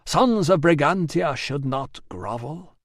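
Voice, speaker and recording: A man reading an audiobook, voicing a fierce, radiant goddess who speaks in slow, solemn proclamations. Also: fairly high pitch, expressive, no echo, studio quality, heavily acted. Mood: commanding.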